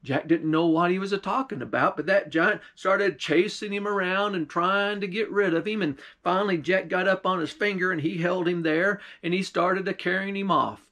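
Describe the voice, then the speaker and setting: Male pastor, high pitch, folksy drawling storyteller. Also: moderate pace, hardly any pauses, bright, forceful tone. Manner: folksy drawl, often starting lines with "why". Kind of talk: folk tale storytelling.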